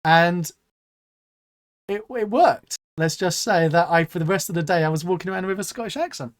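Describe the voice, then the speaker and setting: A man hosting a casual interview over a video call, playful and quick to laugh. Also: sits high. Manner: playful, laughs often, stumbles over words. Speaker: interview host. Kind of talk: casual chat.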